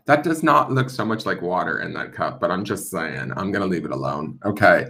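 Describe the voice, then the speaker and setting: A tarot reader casually unboxing a deck on a livestream, joking and teasing as he flips cards. His voice is bright and very lively, jumping all over in pitch. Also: a little fast, gravelly. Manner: playful, joking, animated. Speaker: tarot reader and channel host.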